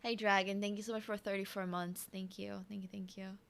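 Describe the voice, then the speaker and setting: A woman's voice: medium pitch, little pitch movement, fairly quick, gravelly, fairly bright tone. A woman in her twenties commentating chess on a live stream in a casual, chatty way, humming and laughing between remarks. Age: 20s.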